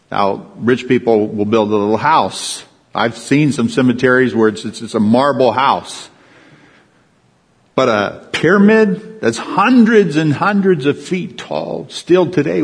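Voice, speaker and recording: Husky-voiced man preaching in a hall. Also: medium pitch. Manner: folksy storytelling preacher, emphatic rises. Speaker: pastor. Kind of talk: sermon.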